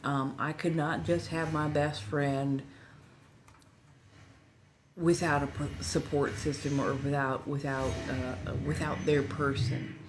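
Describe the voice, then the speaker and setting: A woman's voice: deep voice, a little mellow, slight background noise. A woman in her forties with a Californian accent, chatting and rambling on a casual livestream while slightly tipsy at a friend's house. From Southern California. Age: 40s. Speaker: livestream host.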